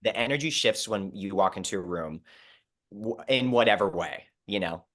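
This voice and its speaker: Low-voiced man, earnest and animated. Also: normal speed. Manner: earnest, animated storytelling with frequent "like" and restarts. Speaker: Broadway performer and associate. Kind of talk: conversational interview.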